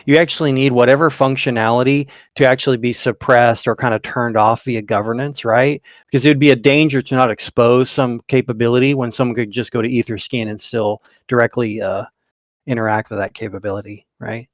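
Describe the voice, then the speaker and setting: A man's voice: mid-range voice, steady tone, brisk, dry recording, studio quality. A man in the audience asking long, thoughtful technical questions of a presenter.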